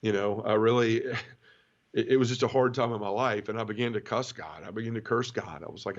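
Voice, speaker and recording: A middle-aged man from the southern United States, giving an emotional personal testimony in an interview, halting and full of restarts. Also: fairly low pitch. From Memphis area, southern United States. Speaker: guest. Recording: dull lo-fi audio.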